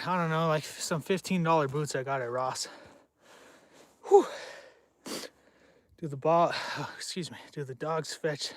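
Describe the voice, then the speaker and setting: A man's voice: on the high side, measured pace, long pauses, dry recording. A man hosting a casual outdoor Q&A on a cold property, rambling between answers and calling out to his dogs. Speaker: channel host answering viewer questions. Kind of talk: casual livestream Q&A.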